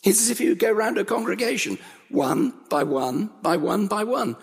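A man preaches an earnest sermon with a gravelly, slightly husky voice that swings widely in pitch. He presses his points by repeating them. A long hall reverb trails his words. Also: lively intonation, moderate pace. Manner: earnest, emphatic, building repetition.

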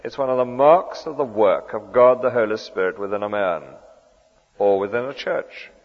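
A man with a lowish voice preaches a sermon at normal speed, earnest and emphatic, putting questions to his listeners. The sound is dull, with a long hall reverb.

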